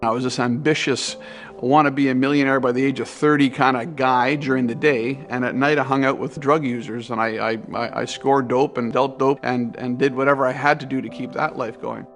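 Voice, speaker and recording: A man's voice: medium pitch, fairly even intonation, fairly quick, a bit bright, soft background music. A middle-aged man giving an earnest, reflective personal testimony about his life. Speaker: testimony speaker.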